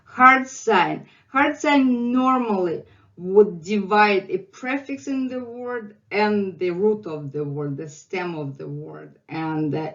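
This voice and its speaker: A woman's voice: on the low side, dull audio. A woman with a Russian accent teaching the alphabet, patiently repeating each sound many times. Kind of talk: slow alphabet lesson with drilled repetitions.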